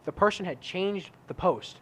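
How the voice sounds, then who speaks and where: A man co-hosting a casual podcast chat, telling lively stories, acting out his own outbursts and swearing freely. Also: high-pitched, normal speed, slight background noise. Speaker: podcast co-host.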